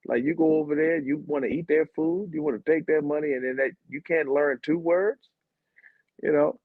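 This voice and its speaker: With a fairly high pitch and normal speed, this American ex-sprinter turned comedian spins funny stories, laughing and voicing the dialogue himself. The recording is dull and dry, with no echo.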